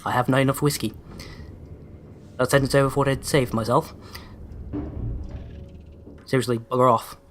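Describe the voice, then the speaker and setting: Male let's-play host, mid-pitched, sarcastic and crisply over-enunciated. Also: fairly even intonation, moderate pace, pauses often, soft background music. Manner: sardonic, sweary, over-pronounces words. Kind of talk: casual gameplay commentary.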